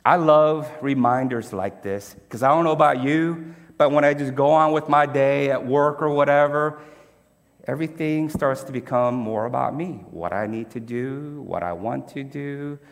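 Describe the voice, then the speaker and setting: A man's voice: medium pitch, normal speed, big-room sound. A man preaching a sermon as pastor, emphatic and conversational, asking his congregation rhetorical questions.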